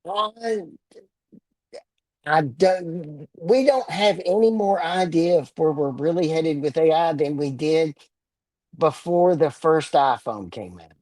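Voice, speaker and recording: A man's voice: fairly high pitch, lively intonation, slow pace, darkish tone, no echo. An older man with a Texan drawl talks plainly and bluntly as an interview guest. His humor stays dry. The sound is close and dead, with no room around it. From Texas Panhandle. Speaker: guest author. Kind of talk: casual interview talk.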